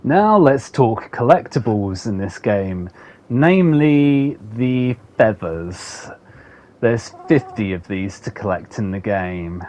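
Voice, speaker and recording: A man's voice: fairly low pitch, animated, takes it slowly, dark tone. A man hosting a casual game review video with playful, sarcastic commentary. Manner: sarcastic, playful, laughs often. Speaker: gaming video host.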